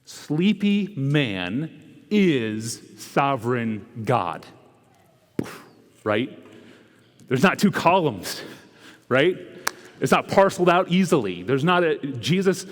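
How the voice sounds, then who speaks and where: Conversational preacher with a big hall echo. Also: male voice, a little high, sing-song. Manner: conversational, with rhetorical "right?" asides; swings from loud and quick to hushed and slow. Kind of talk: sermon. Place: church sanctuary. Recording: echoey church hall.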